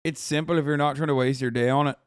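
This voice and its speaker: Streamer guy, kinda high clear voice, dry close sound, swears a lot, keeps going "what?". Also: steady tone, quick pace, dry recording. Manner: incredulous, profane, loud outbursts. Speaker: streamer reacting to clips. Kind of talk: casual livestream reaction.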